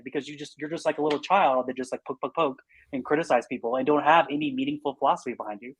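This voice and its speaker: A man's voice: medium pitch, steady tone, husky, no room sound, low-quality recording. Man, podcast guest, earnest, rambling, dry sound. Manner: earnest, talks in quick run-on bursts with many "like"s. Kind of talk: casual conversation.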